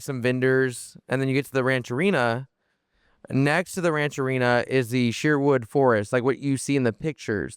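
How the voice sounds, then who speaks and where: A young man telling a festival story on a podcast in casual chat, animated, full of fillers, restarts and swearing. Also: medium pitch, smooth, no room sound, studio quality. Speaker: podcast guest.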